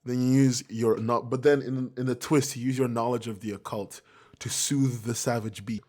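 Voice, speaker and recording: A man's voice: medium pitch, steady tone, normal speed, darkish tone. A man as game master narrating a tabletop game, amused and swearing casually.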